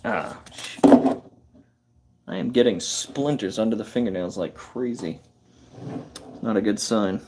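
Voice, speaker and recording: Slow, rambling man telling a story. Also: on the low side, noisy background. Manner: rambling, halting, many fillers and self-corrections; chuckles through the telling. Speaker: carpentry livestream host. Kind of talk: casual storytelling while working.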